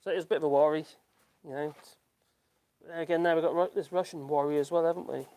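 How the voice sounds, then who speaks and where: A male YouTube host from the United Kingdom holds a casual live-stream chat from his home in rural France, reading viewer comments aloud. Rambling and self-deprecating, he chuckles often and restarts sentences a lot. He speaks fast in a fairly high, steady, mellow voice.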